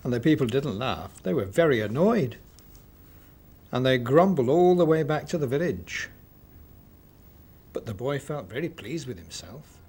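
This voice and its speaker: A man narrating a children's story expressively, with dramatic pauses. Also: mid-range voice, sing-song, a little mellow, a little hiss or hum.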